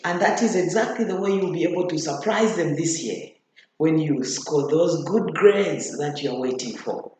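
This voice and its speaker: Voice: medium pitch, moderate pace, darkish tone. A teacher giving a grammar lesson, repeating key phrases for emphasis and checking in with the students. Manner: addresses students directly with checking questions. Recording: very echoey room, faint noise.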